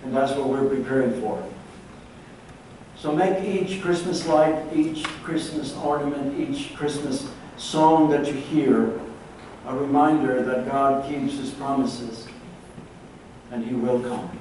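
A man, preaching a sermon as pastor and telling a story in a measured, earnest way. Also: medium pitch, fairly even intonation, mellow, slight background noise. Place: large church hall. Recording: echoey church recorded from far off.

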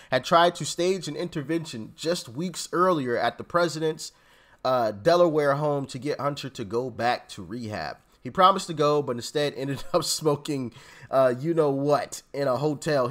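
A man's voice: fairly high pitch, fairly bright tone. A man hosting a casual commentary video, reading news stories aloud and reacting to them, laughing often and stumbling over his words as he talks straight to his viewers. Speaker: commentary channel host.

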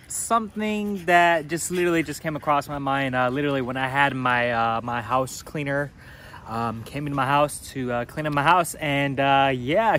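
A man's voice: fairly high pitch, a bit bright, slight background noise. A young man, a dog breeder, chatting casually in a rambling, laid-back vlog, swearing freely.

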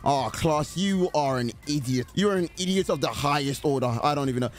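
A young man giving excited live commentary on a horror game he is playing, chatting to his teammates and the killer. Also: on the high side, a little fast. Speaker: gaming YouTuber.

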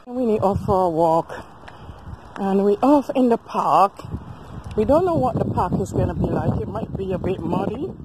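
A woman's voice: mid-range voice, slight background noise. A woman vlogging casually, chatting to viewers and using baby talk with her dog. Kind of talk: casual vlog chat.

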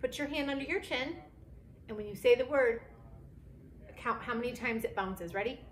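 A woman teaching a phonics lesson to second graders, speaking slowly and clearly with lots of encouragement and spelling words out letter by letter. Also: on the high side. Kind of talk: remote phonics lesson for children. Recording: echoey room, faint background hiss.

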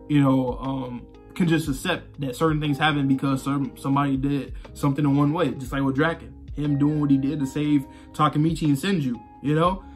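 A man casually talking through his reaction to a manga, rambling and conversational, swearing freely and filling gaps with "you know" and "like.". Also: a little high. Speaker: manga reaction channel host.

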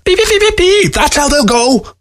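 A man's voice: very high voice, big pitch swings, moderate pace, fairly bright tone, no room sound, voice pushed up, full character voice. A frantic, screeching male weasel, shooting far above the reader's own register. He repeats himself in panicked bursts, recorded close and dry. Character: frantic shrieking male weasel, one eye loose.

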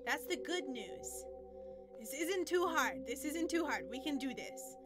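Very high, lively young woman streamer. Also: measured pace, music in the background. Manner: excitable, panicky, talks to chat. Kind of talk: live gameplay commentary.

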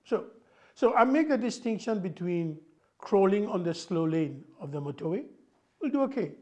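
An older man from Mauritius speaks as an interview guest. He talks in a fairly high voice for a man, emphatic and explanatory, and keeps tossing in "you know". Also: expressive, moderate pace, warm tone. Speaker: guest, former finance minister.

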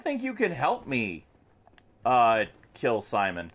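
A man's voice: medium pitch, huge pitch swings, slow, fairly bright tone. A man giving goofy, joking commentary while playing a video game, laughing often and slipping into silly voices. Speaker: gaming video host.

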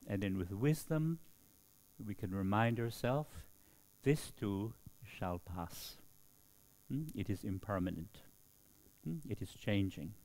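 A middle-aged man gives a dharma talk as a Buddhist monk, his fairly low, expressive voice moving slowly with many pauses. He often checks in with his listeners through a soft, questioning "hmm?".

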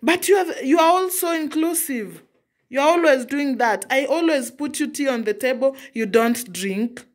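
A woman's voice: sits high, normal speed. A young mother from Africa scolding her child at home, exasperated, repeating herself. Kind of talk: casual scolding vlog.

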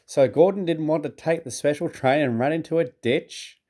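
A businesslike railway boss in a children's story, clipped and brisk, voiced a little higher than the reader's own mellow tone, by a man reading aloud. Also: natural voice. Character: brisk male railway boss in his office.

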